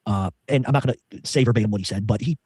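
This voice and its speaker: A man's voice: lowish voice, very fast, darkish tone, slightly rough, no echo. A man telling a story in an interview, rambling with many restarts. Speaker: podcast guest.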